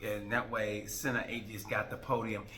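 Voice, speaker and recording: A man's voice: on the low side, flat delivery, normal speed, pushed and bright. A man hosting a motorcycle racing review, talking in a casual, jokey rant with rambling, exasperated asides.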